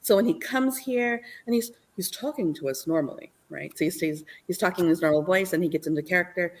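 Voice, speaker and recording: Animated, laughing woman guest. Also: lowish voice, fairly quick. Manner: animated, laughing often, restarts her phrases. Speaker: guest artist. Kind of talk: casual live-stream chat.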